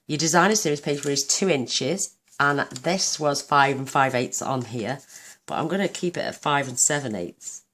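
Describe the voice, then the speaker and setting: A woman hosting a card-making tutorial, chatting enthusiastically while she works, her voice a little croaky. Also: low-pitched, normal speed, a bit bright. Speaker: craft channel host.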